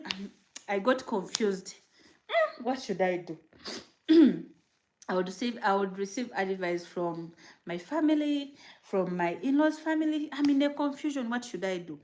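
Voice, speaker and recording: A woman from Uganda, chatting casually on a livestream as a new mother, rambling and animated while reading viewer comments. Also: medium pitch, unhurried, long pauses.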